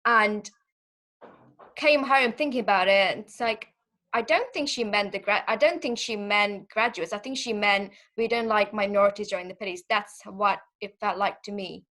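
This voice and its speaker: A woman's voice: medium pitch, unhurried, sharp tone. A young woman hosting a video call discussion, sharing an experience in a reflective, chatty way. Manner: reflective, with frequent 'like' fillers. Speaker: panel host.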